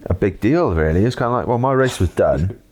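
A man's voice: fairly low pitch, animated, brisk, a little mellow. A Welsh man hosting a podcast, chatting in an easygoing, matey way and laughing often. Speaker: podcast host. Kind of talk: casual chat.

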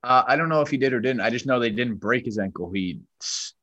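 A man co-hosting a podcast, chatting in a relaxed way and filling his sentences with "like.". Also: medium pitch, fast talker, highs cut off. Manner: relaxed, heavy use of "like". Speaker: podcast co-host. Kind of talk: casual chat.

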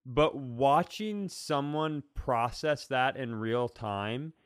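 A man of middling pitch teases his co-host on a comedy podcast, circling his questions with false starts. His voice sounds close and dry, with no room around it. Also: slow pace, clean tone, no room sound. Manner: teasing, rambling questions with many restarts. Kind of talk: casual comedy podcast chat.

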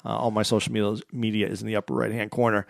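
A man co-hosting a podcast in relaxed casual chat, often trailing off with fillers. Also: lowish voice, very fast, creaky, dry recording. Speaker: podcast co-host.

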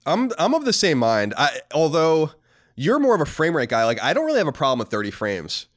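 An American man with a slightly higher voice co-hosts a laid-back podcast. His pitch swings around a lot as he reads listener mail and jokes around. He sounds casual and teasing. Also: huge pitch swings, fairly quick, fairly bright tone, no room sound, clean studio sound. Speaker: podcast co-host.

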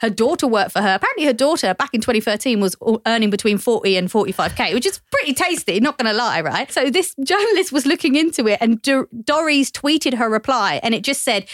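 A woman's voice: on the high side, sing-song, fast talker, few pauses, no echo. A woman co-hosting a podcast, chatting casually with jokey asides into a studio microphone. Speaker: podcast co-host. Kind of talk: casual chat.

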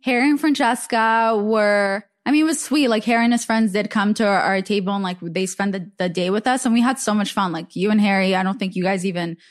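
A woman's voice: medium pitch, fairly quick, hardly any pauses. A young woman hosting a casual chat, telling a long story full of "like" fillers. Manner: chatty storytelling, many "like" fillers. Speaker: podcast host.

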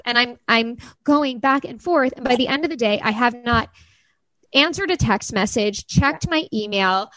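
A woman's voice: fairly high pitch, normal speed, a bit bright, no echo, rough recording. A woman in her thirties co-hosting a podcast, speaking earnestly and emotionally about her week. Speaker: podcast co-host. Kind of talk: casual chat.

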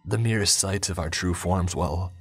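A man voicing a menacing fallen god speaking through a possessed woman's body, rough and scratchy. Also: sits low, unhurried, faint music behind. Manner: menacing, grandiose.

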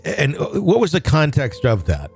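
A man's voice: fairly high pitch, huge pitch swings, unhurried, creaky, darkish tone, husky, faint music behind. Easygoing male podcast host. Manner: easygoing, filler-heavy rambling. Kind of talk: casual chat.

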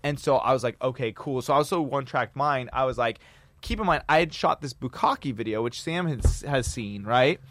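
A podcast guest in his forties tells a long, casual story, swearing freely and peppering his talk with "dude" and "like." His mid-range voice has lively intonation and a fairly bright tone, moving a little fast. There's no room sound.

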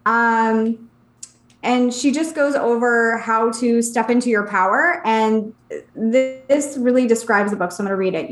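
A woman co-hosting a podcast, describing self-help books in an easy, hesitant chat. Her voice is a little high and sounds roomy, with echo around it. She pauses often with "um". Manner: relaxed, hesitant, many "um"s. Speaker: podcast co-host. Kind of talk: casual chat about books.

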